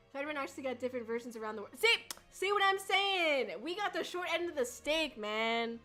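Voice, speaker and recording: A woman's voice: sits high, lively intonation, brisk, few pauses, pushed and bright, soft background music. A woman streaming as a VTuber, chatting casually in a rambling way, swearing and laughing often. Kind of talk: casual livestream chat.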